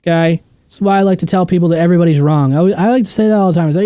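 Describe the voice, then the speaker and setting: A man's voice: sits high, very fast, warm tone, dry recording. A man teaching a casual Bible study, blunt and opinionated, often asking questions and answering them himself.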